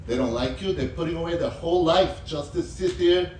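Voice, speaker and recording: Earnest young prince, low and soft and urgent, a man doing the voice, echoey room. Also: fairly quick, slight background noise, close to an everyday voice. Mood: pleading. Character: earnest young prince pleading with his father. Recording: echoey room, mic at a distance.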